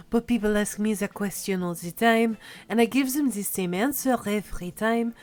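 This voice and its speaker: A woman's voice: medium pitch, measured pace, soft background music, close to an everyday voice. A woman voicing a laid-back hipster coffee-shop dad, putting on a French accent as she reads his rambling, self-deprecating lines. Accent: put-on French. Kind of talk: reading game dialogue aloud.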